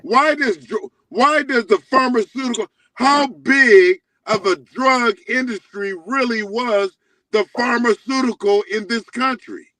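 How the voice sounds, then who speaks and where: A man with a lisp co-hosting a morning talk show, yelling and insulting his co-hosts in rambling heated banter. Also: very high voice, unhurried, no echo, low-quality recording.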